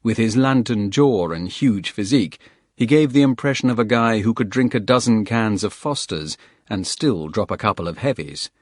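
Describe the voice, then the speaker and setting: A man narrating a thriller audiobook in a steady, plain storytelling manner. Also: lowish voice, moderate pace, dry recording, studio quality.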